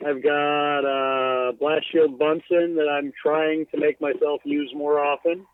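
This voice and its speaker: Speaking slowly and smoothly at a fairly high pitch, this man keeps his tone level as he chats casually in a podcast interview. He's a guest glassblower calling from his bus over a tinny phone line, loose and self-deprecating, swearing plenty and leaning on filler words.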